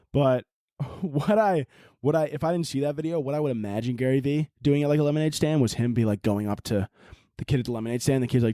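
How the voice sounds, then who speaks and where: A man's voice: mid-range voice, fast, warm tone, no echo, clean studio sound. A man hosting a comedy podcast, rambling through a profane, laughing monologue. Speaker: podcast host.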